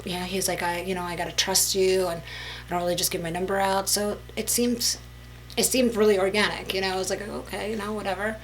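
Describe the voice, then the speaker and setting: A woman's voice: medium pitch, fairly quick, a little hiss or hum, low-quality recording. Chatty woman telling a storytime vlog. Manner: chatty, lots of "like" and "you know", animated retelling. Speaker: vlogger. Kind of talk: casual storytime chat.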